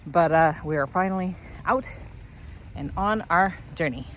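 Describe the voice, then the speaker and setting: A young woman talks in a chatty, rambling way while hiking outdoors, a little out of breath. Her voice sits a bit low for a woman. The recording comes from a camera in her hand, with steady outdoor noise behind her. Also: a little slow. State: slightly out of breath. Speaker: vlogger. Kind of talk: casual walking vlog.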